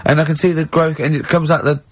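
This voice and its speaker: A man with an English accent hosting a radio show, telling anecdotes in lively casual banter and laughing a lot. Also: fast. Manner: lively storyteller, laughs often, high-pitched giggle. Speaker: radio host. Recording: dull lo-fi radio broadcast.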